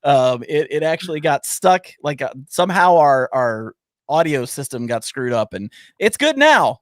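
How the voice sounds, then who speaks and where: A man's voice: on the high side, sing-song, moderate pace, no echo, studio quality. A man co-hosting a backpacking podcast livestream, talking in an upbeat, rambling, casual way and hyping up his guest. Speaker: podcast co-host.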